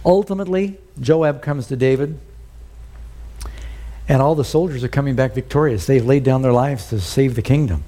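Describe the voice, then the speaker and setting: Male preacher, mellow tone, earnest storyteller who puts questions to the listeners. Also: medium pitch, normal speed. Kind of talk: sermon.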